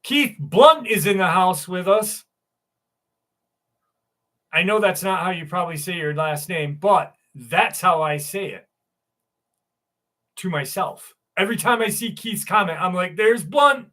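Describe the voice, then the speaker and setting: A man's voice: high-pitched, measured pace, long pauses, sharp tone. A man hosting a live stream, reading out viewer comments in loose, chatty, sometimes profane talk, often laughing.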